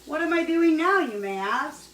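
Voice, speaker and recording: A woman's voice: sits high, lively intonation, normal speed, crowd noise. Sweary woman rambling at the stove, laughs a lot, roomy kitchen sound, mic a bit far off. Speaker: cooking show host. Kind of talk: casual cooking chat. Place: home kitchen. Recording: roomy room, mic at a distance.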